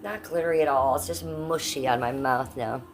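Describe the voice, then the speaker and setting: A woman's voice: extremely low pitch, normal speed, soft background music. A middle-aged woman from Ohio chatting casually on a live stream, blunt and profane, reading out and answering her chat. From Cleveland, Ohio, USA.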